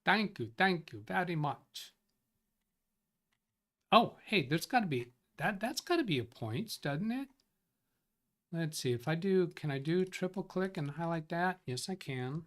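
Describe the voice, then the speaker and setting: A man's voice: fairly high pitch, animated, normal speed. A man hosting a tech support live stream, thinking aloud as he reads out viewer comments and corrects himself. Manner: rambling, self-correcting. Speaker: tech support livestream host. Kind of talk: casual live-stream chat.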